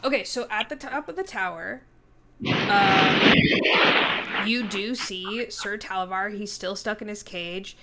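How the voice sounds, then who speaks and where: Slow, chatty woman game master. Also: medium pitch, very noisy. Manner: relaxed, chatty, many fillers. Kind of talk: narrating a tabletop game.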